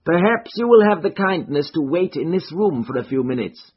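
A man's voice: fairly high pitch, sing-song, moderate pace, husky, muffled recording, voice pushed up. A man voicing a curt, secretive middle-aged colonel who speaks with stiff, clipped politeness. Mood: coldly polite.

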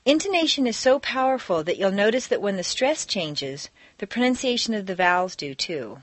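A woman teacher reading a recorded pronunciation drill, saying word pairs slowly and precisely. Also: medium pitch, very animated, no echo.

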